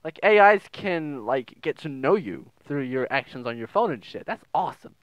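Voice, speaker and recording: A young man hosts a gaming video with casual let's play commentary that's crude and joking, often reading messages aloud in silly voices. His mid-range voice is sing-song at normal speed, with no echo.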